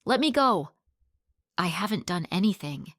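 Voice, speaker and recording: A woman's voice: on the low side, a little slow, no echo, clean studio sound. A woman voicing a wary old homeless man. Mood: protesting.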